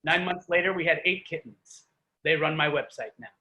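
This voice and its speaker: A man's voice: on the high side, normal speed, dull audio, heavy background noise. A middle-aged man, a performance poet, doing a comic spoken-word reading over a video call. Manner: animated, comic delivery.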